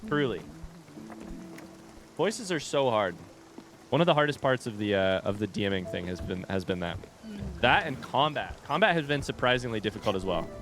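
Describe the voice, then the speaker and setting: A man streaming a game live in a relaxed, rambling way, greeting chat and swearing casually. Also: lowish voice, normal speed, long pauses. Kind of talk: casual gaming livestream chat. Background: game music.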